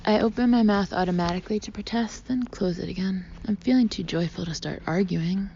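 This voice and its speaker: A woman narrating an audiobook in the first person, expressive, often sinking to a breathy half-whisper. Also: medium pitch, a little fast. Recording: muffled lo-fi audio with faint hiss.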